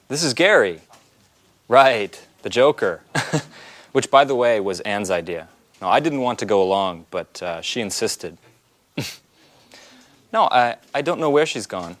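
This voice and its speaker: A bumbling, flirty man chats on the phone, stumbling over his words with plenty of ums and uhs. His pitch swings widely as he talks. It sounds like a scripted teaching skit. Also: big pitch swings, takes it slowly, long pauses, fairly bright tone. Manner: hesitant, stammering, full of fillers. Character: awkward flirty man answering a colleague's phone.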